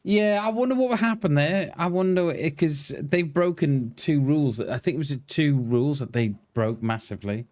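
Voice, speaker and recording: A man's voice: on the high side, moderate pace, hardly any pauses, a little mellow. A man casually chatting to viewers as he plays a survival game, greeting them by name and thinking aloud. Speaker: streamer playing a survival game. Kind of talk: casual live-stream chat.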